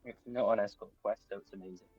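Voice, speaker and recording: Husky man player at a game table. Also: fairly low pitch, fairly even intonation, quick pace, no room sound, highs cut off. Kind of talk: casual tabletop play.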